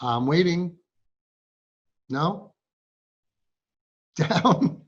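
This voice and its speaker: Speaking at a moderate pace in a slightly high voice, a man motivates a live audience of girls. He quizzes them with rhetorical questions, teases them, and repeats himself for emphasis. The recording sounds dull and lo-fi.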